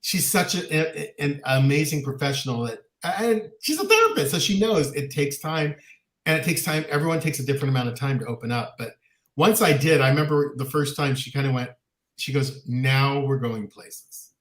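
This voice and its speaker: A man's voice: a little high, expressive, a little fast, reverberant. A man co-hosting a talk show, speaking candidly and animatedly, sometimes mocking others in quoted voices. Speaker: podcast co-host. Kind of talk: casual chat.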